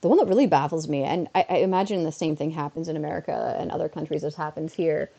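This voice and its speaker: Gravelly, mellow-voiced woman streamer chatting. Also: low voice, fast. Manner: chatty, ranting, exasperated asides. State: a bit unwell. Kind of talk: casual live-stream chat while gaming. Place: at home.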